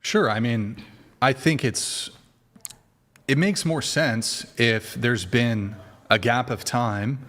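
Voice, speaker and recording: A man hosting a dating talk podcast, measured and hedging as he gives advice. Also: mid-range voice, fairly bright tone. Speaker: podcast host.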